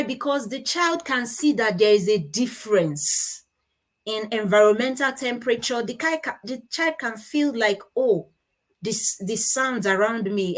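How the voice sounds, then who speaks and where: A woman giving a conference talk with slides, explaining step by step and stopping to correct herself. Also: mid-range voice. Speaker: conference speaker on child speech disorders.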